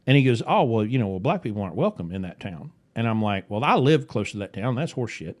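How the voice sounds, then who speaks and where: A man's voice: fairly low pitch, sing-song, fast talker. A man with a West Virginian accent, co-hosting a podcast in casual chat, telling rambling, jokey stories in a folksy way. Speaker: podcast co-host.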